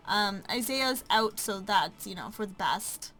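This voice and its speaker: A woman's voice: mid-range voice, animated, moderate pace, a bit bright. A woman casually narrating her life-sim gameplay, chatty and full of ums and likes. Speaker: let's play narrator.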